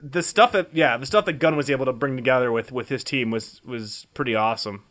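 A man's voice: mid-range voice, a little fast, a bit bright. A married man co-hosting a casual movie podcast, joking and swearing in a laid-back way.

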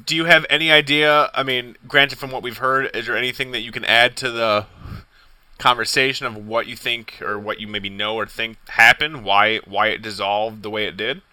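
A man co-hosting a podcast in casual chat, excitable and profane, laughing often and tripping over his words. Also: medium pitch, moderate pace, dry recording, rough recording. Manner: excitable, profane, laughs a lot, stammers restarts. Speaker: podcast co-host.

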